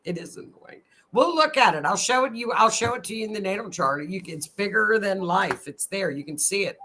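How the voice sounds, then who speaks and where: A man with a bright, forceful voice pitched a little high talks through planets and houses in loose, casual chat. He laughs easily and keeps coming back to the chart. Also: expressive, fairly quick, slight background noise. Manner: reads events through astrology, laughs often. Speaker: astrologer guest.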